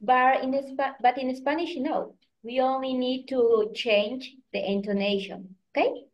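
A woman's voice: high-pitched, steady tone, unhurried, slight background noise. A woman teaching a live online language class over a video call, patiently prompting her students by name and coaching them. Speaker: Spanish teacher. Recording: dull lo-fi video call audio.

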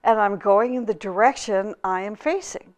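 Woman voicing a calm, teasing old teacher. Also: medium pitch, normal speed, close to an everyday voice.

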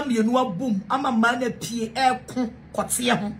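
A woman's voice: on the high side, moderate pace, a little hiss or hum. Heated Ghanaian woman ranting. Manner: heated, repetitive, switches between English and Twi. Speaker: self-styled preacher. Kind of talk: angry rant to camera.

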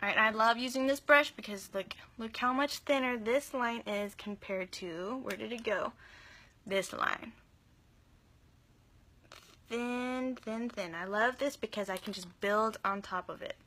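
A woman's voice: fairly high pitch, measured pace, sharp tone, a little hiss or hum. A young woman giving a chatty, enthusiastic live makeup tutorial, gushing over the products she uses. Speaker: makeup vlogger.

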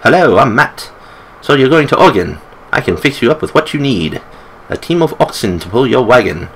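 A man's voice: mid-range voice, very animated, brisk, fairly bright tone, a little hiss or hum, rough recording. A man voicing a sly old British shopkeeper with a pipe, in a put-on British accent and cheery sales patter. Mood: cheery sales pitch.

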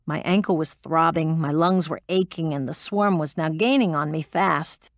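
In a close, dry audiobook-drama recording, a woman with a low voice for a woman lightly acts the part of a tough ex-military pilot being interviewed. The character is blunt and foul-mouthed and gets defensive when pushed, and the delivery is moderately paced.

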